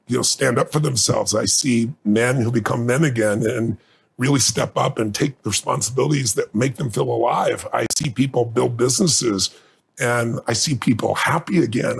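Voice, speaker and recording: A middle-aged man, a guest being interviewed, tells stories earnestly and intensely, choking up with emotion. His mid-range voice is gravelly with a breathy edge.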